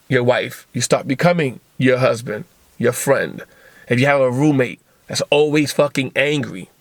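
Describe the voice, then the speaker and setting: A man with a gravelly, somewhat high-pitched voice delivers a blunt motivational podcast monologue, heavy on profanity. He keeps slipping into quick acted-out exchanges. His close mic sounds dry, with no room around it. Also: fairly bright tone, no echo. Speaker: podcast host.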